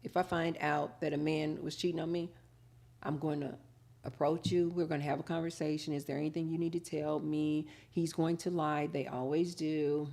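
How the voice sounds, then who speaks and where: Woman host, 30s, animated monologue that acts out both sides of a conversation, low-ish voice. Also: moderate pace, creaky. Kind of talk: live talk show monologue.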